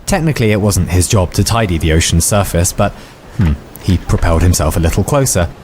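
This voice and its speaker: A man's voice: deep voice, lively intonation, a little fast, darkish tone, a little hiss or hum. A man narrating a scripted story with a wry, playful delivery. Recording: faint music under the voice.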